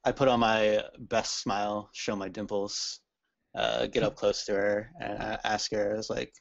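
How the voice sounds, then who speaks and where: A man's voice: on the low side, little pitch movement, normal speed, gravelly, highs cut off. A man playing a tabletop game, easygoing and in character. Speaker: player.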